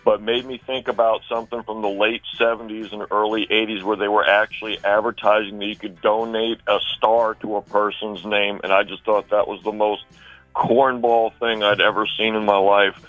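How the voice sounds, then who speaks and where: A man's voice: fairly low pitch, flat delivery, moderate pace, a bit bright, no room sound, faint music behind. A man calling into a radio show, making dry, matter-of-fact jokes over a muffled line. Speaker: caller. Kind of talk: phone-in call.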